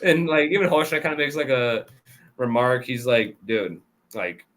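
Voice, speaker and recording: A man casually recapping anime episodes for a review show, talking loosely with lots of fillers and quick laughs. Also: fairly high pitch, a bit bright. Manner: loose and chatty, full of "like" and "kinda", laughs often.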